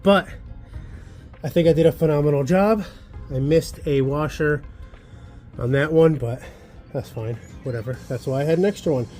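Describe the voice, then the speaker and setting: A man's voice: a little high, moderate pace, long pauses, darkish tone, faint music behind. A man talking casually on a DIY vlog about his own project, upbeat and chatty in a garage workshop. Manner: upbeat and chatty, self-assured. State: a little out of breath. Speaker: channel host.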